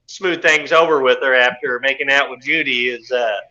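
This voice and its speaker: A man's voice: mid-range voice, fairly even intonation, normal speed, bright, forceful tone, muffled recording. A man co-hosting a podcast in casual chat, talking crudely and with lots of profanity. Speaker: podcast co-host.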